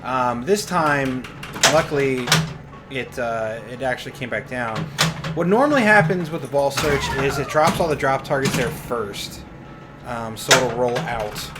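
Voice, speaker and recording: A man's voice: medium pitch, expressive, measured pace, very noisy. A man co-hosting a pinball stream, chatting casually and explaining the machine step by step. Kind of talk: casual chat and game explanation. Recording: loud music playing behind the voice. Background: loud background music.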